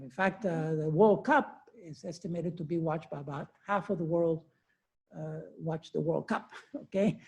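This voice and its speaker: A man of about sixty teaches a class in a chilly room, his voice dark and mellow. He talks loosely, with many fillers and restarts. He often chuckles at his own points. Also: on the high side, moderate pace. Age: 60s. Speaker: lecturer. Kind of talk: university lecture. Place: cold classroom. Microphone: lecture recording with remote attendees.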